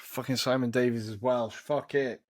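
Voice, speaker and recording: A man co-hosts a football podcast, chatting casually and often thinking out loud. He swears freely as he searches for answers. The sound is dry and close on the mic. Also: mid-range voice, fairly even intonation, moderate pace, dry recording. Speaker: podcast co-host.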